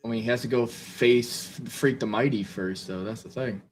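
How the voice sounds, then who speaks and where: A man's voice: medium pitch, moderate pace, slight background noise. A man on a casual wrestling podcast who rambles, restarts his sentences and laughs easily.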